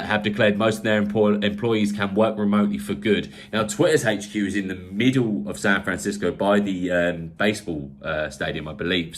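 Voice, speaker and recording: A man from England co-hosting a casual tech podcast, talking in a rambling, chatty way with many fillers and restarts. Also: on the low side. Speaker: podcast co-host.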